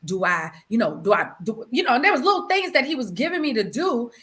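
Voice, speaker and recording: A woman with a fairly high, bright voice shares her personal testimony on an interview show. She is animated and exclamatory and addresses her listener as "girl". She sinks to hushed tones at solemn moments, and her pitch rises and falls widely. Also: quick pace. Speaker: guest sharing her testimony. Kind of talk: emotional personal storytelling.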